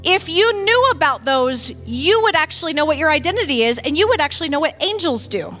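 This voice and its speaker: A woman with a high, bright, ringing voice talks through a point of faith with energy and emphasis. She often drops into acting out what others say, and faint music plays underneath. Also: brisk. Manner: emphatic, animated, acts out others' words. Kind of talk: casual teaching talk on faith.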